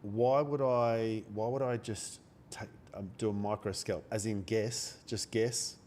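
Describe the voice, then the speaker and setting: A man with a cold, talking quietly and bluntly into a close microphone during a day-trading live stream, swearing now and then. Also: on the low side, fairly even intonation, unhurried, slight background noise. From Australia. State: has a cold. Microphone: microphone held very close.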